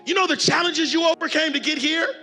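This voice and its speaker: A man delivering a motivational keynote to a conference crowd, preacher-style, with call and response and shouted refrains. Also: very high voice, fairly even intonation, quick pace, faint music behind. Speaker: keynote speaker. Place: large conference hall with audience.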